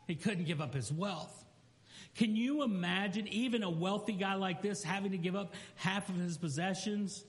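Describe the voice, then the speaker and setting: Male pastor, high pitch, sermon with acted-out quotes, big hall reverb. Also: moderate pace. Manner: storytelling preacher who acts out quotes and asides.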